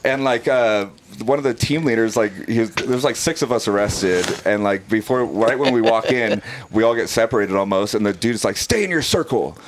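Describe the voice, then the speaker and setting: A man's voice: fairly low pitch, brisk, hardly any pauses, slight background noise. A man, a former pararescue operator, telling a wild story as a podcast guest, swearing freely and laughing as he goes. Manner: profane, animated, laughs through the telling. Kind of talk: casual storytelling.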